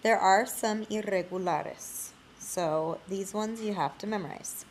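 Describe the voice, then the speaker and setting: A woman teaching a Spanish lesson in a screencast, explaining slowly. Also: mid-range voice, slight background noise.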